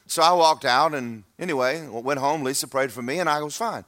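A man's voice: mid-range voice, brisk, a bit bright. A man, preaching a sermon to his church in a folksy, humorous, emphatic way. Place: church sanctuary.

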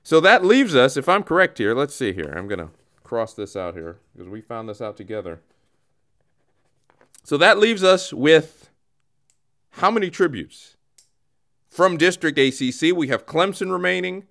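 Lively, animated male comedy host. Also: fairly high pitch, normal speed, pauses often. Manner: animated, jokey delivery. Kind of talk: comedic podcast chat.

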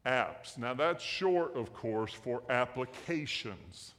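A man's voice: medium pitch, very animated, slow, hardly any pauses, fairly bright tone, in a large hall. A man preaching a sermon as pastor, in a folksy, joking way, asking the congregation questions in a church sanctuary.

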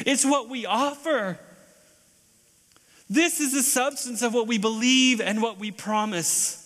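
A man's voice: very high voice, takes it slowly, fairly bright tone. A man preaching a chapel sermon, building an emphatic repeated litany. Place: large chapel hall. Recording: long hall reverb.

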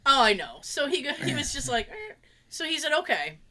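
A woman with a voice that sits high talks briskly and casually, telling an animated story full of swearing. She freely acts out the lines other people said.

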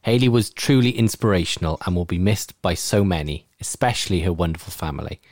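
A man's voice: low-pitched, lively intonation, brisk, darkish tone, no echo, studio quality. A man presenting on community radio over a video call, chatting casually, laughing easily and reading out tributes.

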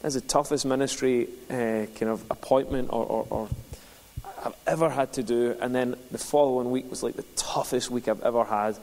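A man's voice: medium pitch, steady tone, moderate pace, a little mellow. A man, a pastor telling a personal story in a sermon with a conversational manner. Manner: conversational, builds to passionate preaching. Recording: long hall reverb.

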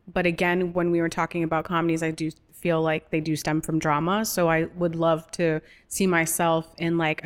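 An American actress appears as a guest in a casual interview, animated, playful and quick to laugh, with a lowish voice.

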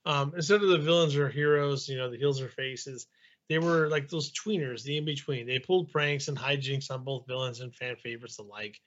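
A man's voice: medium pitch, brisk, fairly bright tone, dull audio. A man hosting a casual podcast, reading notes aloud in long runs and breaking off to joke.

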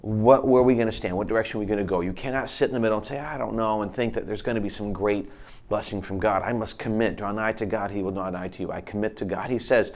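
A man's voice: fairly low pitch, fairly even intonation, fast talker, darkish tone. A man preaching a sermon to his congregation, earnest and emphatic, restarting phrases as he goes. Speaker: pastor.

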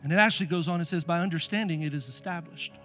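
High-voiced animated male pastor. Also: very fast, faint music behind. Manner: animated, acts out voices in stories. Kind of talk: sermon with storytelling. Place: church sanctuary.

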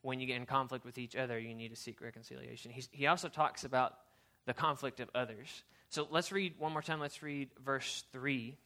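A youth pastor giving a casual, storytelling sermon, chatty and animated, with lots of fillers and restarts. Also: male voice, medium pitch, brisk, hardly any pauses.

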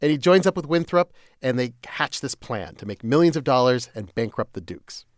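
A man co-hosting a podcast, explaining finance in a lively, animated way that often breaks into laughter. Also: mid-range voice, moderate pace, no room sound. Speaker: podcast co-host, economics reporter. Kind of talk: casual chat, scripted explainer.

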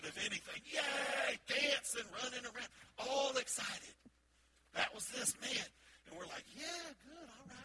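A middle-aged pastor delivers a sermon in a fairly high voice, telling stories in a playful, animated way. He preaches in a church sanctuary. A loud wash of ambient noise sits behind his voice throughout. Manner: playful, animated storytelling with acted-out bits.

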